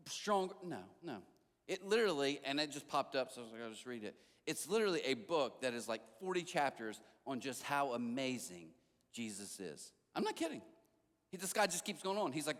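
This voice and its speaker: Animated pastor in a reverberant hall. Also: male voice, high voice. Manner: animated, dramatic swings from loud to hushed. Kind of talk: storytelling sermon. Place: church auditorium.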